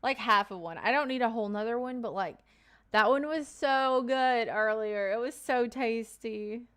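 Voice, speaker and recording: Streamer woman from Kentucky, bit higher voice, smooth and clean, loose chatty delivery. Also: a bit bright. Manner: chatty, loose, with fillers and quick asides. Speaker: live streamer. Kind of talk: casual chat reading viewer comments.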